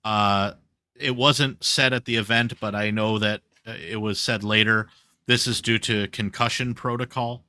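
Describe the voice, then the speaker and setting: A man co-hosting a podcast, chatting casually and telling stories in an animated way. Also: fairly low pitch, a little slow, smooth, dry recording, studio quality. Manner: animated storytelling, recapping wrestling events. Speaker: podcast co-host. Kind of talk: casual chat.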